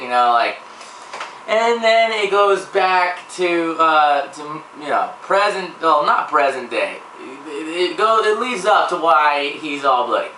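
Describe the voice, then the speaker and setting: Excitable young man swearing in a roomy echo. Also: a little high, slow pace. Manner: profane, filler-heavy, excitable. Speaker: gaming channel host reviewing a TV episode. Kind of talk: casual rambling recap. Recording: echoey room, distant mic, faint hiss.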